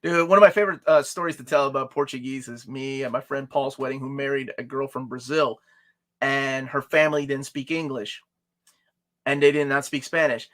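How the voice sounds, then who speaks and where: A man's voice: medium pitch, steady tone, a little fast, fairly bright tone. A man hosting a casual live-stream chat, joking and playful as he talks. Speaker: host.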